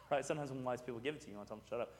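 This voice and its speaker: A man preaching a sermon as pastor, conversational and animated, often asking "right?" and restarting his sentences. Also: mid-range voice, very fast. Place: church sanctuary. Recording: reverberant church hall.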